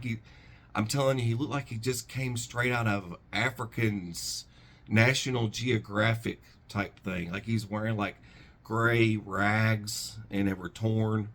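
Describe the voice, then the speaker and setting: A middle-aged man hosting a preparedness channel, recounting a dream in a rambling, halting way with many restarts. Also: on the low side, gravelly, a bit bright. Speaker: prepper channel host. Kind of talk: casual storytelling to camera.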